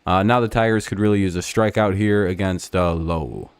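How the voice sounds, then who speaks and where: A man streaming live, chatting casually about a baseball game, excitable, swearing freely and bantering with his chat. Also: low voice, moderate pace, clear, resonant tone, dry recording.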